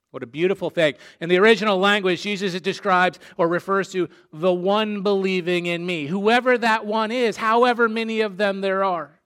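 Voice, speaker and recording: A man preaching a sermon, slow and emphatic, dropping soft and low on key phrases. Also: clear, resonant tone. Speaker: pastor.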